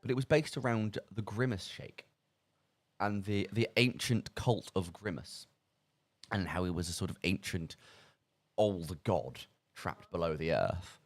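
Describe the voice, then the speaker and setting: A young man with an English Midlands accent, hosting a casual chat on student radio from a studio mic, chatty and jokey. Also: low voice. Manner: chatty and jokey, quick to laugh at himself.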